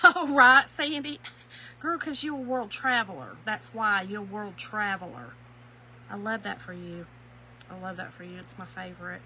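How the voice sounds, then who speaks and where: A woman with a Kentucky drawl talks viewers through a craft project. She says y'all a lot and laughs easily. Her voice is bright, sits at an ordinary pitch, and has a faint hum behind it. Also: normal speed, rough recording. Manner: folksy, warm-hearted chatter, often says y'all, laughs easily. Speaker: craft live-stream host. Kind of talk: chatty craft tutorial, reading viewer comments.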